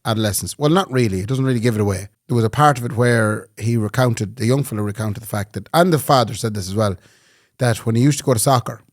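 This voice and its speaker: A man's voice: medium pitch, fast talker, dry recording. An Irish man co-hosting a podcast, chatting casually and trading dry quips. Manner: dry quips, laughs often. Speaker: podcast co-host. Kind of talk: casual chat.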